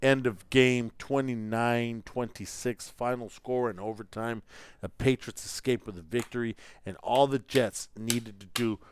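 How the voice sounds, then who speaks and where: A man co-hosting a casual football talk show, recapping plays with lively, dramatic emphasis. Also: medium pitch, a little slow, clean tone. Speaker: co-host. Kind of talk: casual sports chat.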